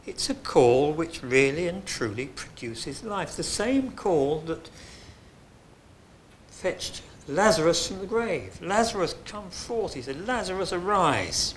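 A man delivers a sermon, his voice sitting a bit high for a man. He swings from quiet, hushed phrases to loud, emphatic declarations. A faint low rumble hums in the background. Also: expressive, takes it slowly. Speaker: preacher.

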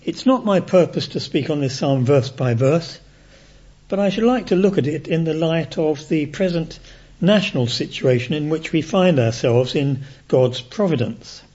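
A man preaching a sermon in a measured, emphatic way. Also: a little high, a little mellow, slightly rough. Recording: dull lo-fi recording.

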